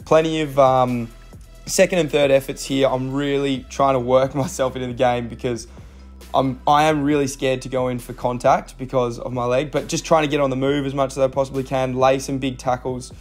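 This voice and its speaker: A man's voice: mid-range voice, flat delivery, normal speed, faint music behind. A young man with an Australian accent talks casually over his own game footage, mixing coaching tips with self-deprecating asides and many fillers.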